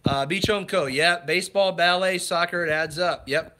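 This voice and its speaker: A man in his thirties hosting a livestream, chatting casually and reading viewer comments, often halting with fillers and restarts. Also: high voice, bright, forceful tone, slight background noise. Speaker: livestream host.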